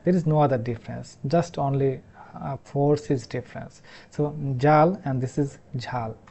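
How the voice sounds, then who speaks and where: A man from Bangladesh with a Bangladeshi accent, a Bangla speaker teaching English pronunciation in a halting way, repeating each sound many times. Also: mid-range voice, gravelly, mellow, a little hiss or hum. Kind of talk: explanatory lesson.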